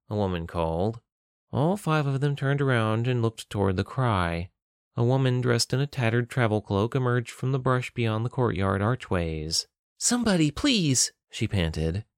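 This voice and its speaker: A man narrating a novel in a measured, even storytelling voice on a close mic. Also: medium pitch, clean tone, no echo. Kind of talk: scripted audiobook narration.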